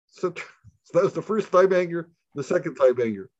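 The voice is a little high and moderately paced, with no room sound, in dull lo-fi audio. It belongs to a rabbi teaching an informal Torah lesson, who narrates stories with energy, acts out the dialogue, and repeats himself heavily.

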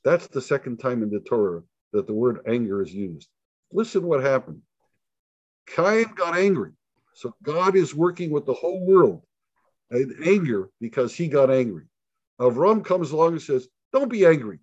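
Mid-range and at normal speed, this man's voice carries no echo, though the lo-fi sound is dull. He is a rabbi in an informal Torah lesson, telling stories with animation, acting out what characters say, and repeating himself many times.

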